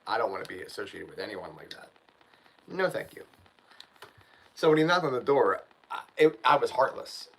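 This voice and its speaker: A man's voice: fairly low pitch, very animated, normal speed, long pauses, a bit bright, slightly rough, low-quality recording. A man hosting his channel, telling a story in a casual livestream chat, ranting and often saying "dude" and "man". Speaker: channel host.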